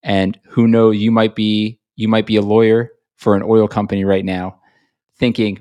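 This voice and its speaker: A man's voice: on the low side, moderate pace, a little mellow. A man hosting a podcast interview, speaking in a reflective, conversational way. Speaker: podcast host.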